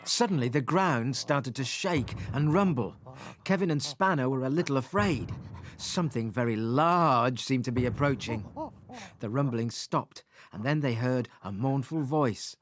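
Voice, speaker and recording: A narrator telling an expressive scripted story for young children. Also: medium pitch, unhurried, slight background noise. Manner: expressive, bouncy. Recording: music playing behind.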